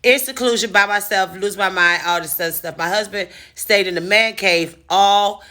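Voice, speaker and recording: A woman vlogger telling a personal story casually, animated and profane, acting out the dialogue. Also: mid-range voice, normal speed.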